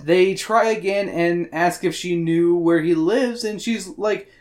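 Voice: mid-range voice, measured pace, a little mellow. Joking, crude book club podcast host. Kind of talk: casual book club chat, reading chapter summaries.

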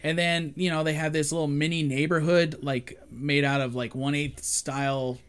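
A man's voice: fairly high pitch, little pitch movement, moderate pace, clean tone. Casual man recapping a movie. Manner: loose retelling with fillers and quoted lines.

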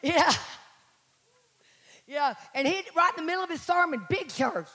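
A middle-aged woman pastor with a scratchy voice, preaching a sermon and breaking into shouted exhortations and sung lines. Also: very high voice, expressive, moderate pace. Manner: preaching with call-outs, shouting and singing.

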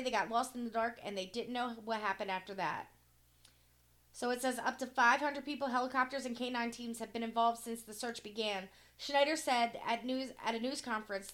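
A woman's voice: a little high, fairly bright tone. A woman co-hosting a casual podcast, reading news stories aloud with small stumbles and casual swearing. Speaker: podcast co-host.

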